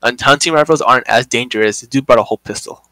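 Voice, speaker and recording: A man's voice: mid-range voice, quick pace, no echo, low-quality recording. Young man telling a story, swearing a lot. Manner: animated, swears a lot, acts out quotes. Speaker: podcast host telling a work story. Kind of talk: casual storytelling chat.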